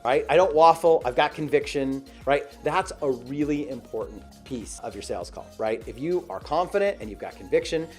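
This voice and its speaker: Male sales coach, lively and slightly husky, over faint music. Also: medium pitch, fairly quick, few pauses. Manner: animated, acts out short example dialogues. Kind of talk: direct-to-camera sales training.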